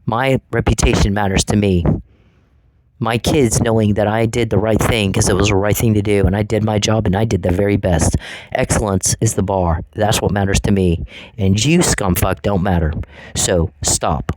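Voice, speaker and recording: Man, lowish register, for a furious confrontational vlog rant full of taunts. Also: fairly even intonation, normal speed, a little mellow, rough recording. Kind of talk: angry ranting monologue.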